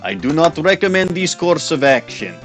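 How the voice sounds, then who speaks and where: A man voicing a gruff, threatening Russian thug with a put-on Russian accent in comic game voice acting. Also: fairly high pitch, sing-song, normal speed, soft background music. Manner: over-the-top mock threats.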